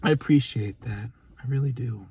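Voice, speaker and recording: A young man co-hosting a casual movie review chat, excitable and profane, ranting with lots of swearing. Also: medium pitch, normal speed, gravelly, husky, no room sound. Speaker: co-host.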